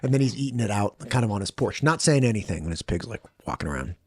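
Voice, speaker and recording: A man hosting a podcast, casually retelling a film in an animated way and acting out the quotes. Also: lowish voice, husky, no room sound. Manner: retells a film scene with quick acted quotes. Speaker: podcast host. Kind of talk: casual chat, animated storytelling. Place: studio.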